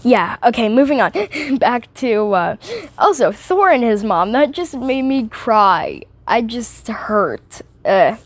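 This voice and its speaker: A woman's voice: fairly high pitch, sing-song, takes it slowly. A teenage girl rambling and giggling through a casual movie review vlog, often drifting off topic.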